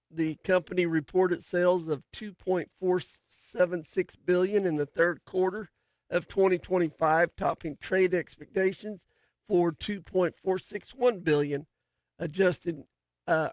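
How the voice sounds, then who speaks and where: A man's voice: high-pitched, no echo. Folksy male farm radio host. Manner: folksy, rambling, many fillers and restarts. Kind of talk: casual farm radio talk. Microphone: studio microphone.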